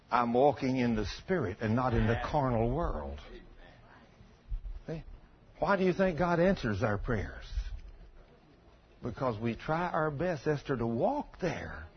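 A man's voice: mid-range voice, sing-song, unhurried, long pauses. A man preaching a sermon in a folksy storytelling way, acting out both sides of a conversation. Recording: dull lo-fi recording.

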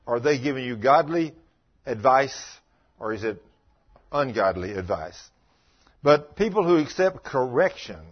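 A man's voice: medium pitch, husky, muffled recording. A man preaching a sermon as pastor, telling folksy stories and building to emphatic scolding.

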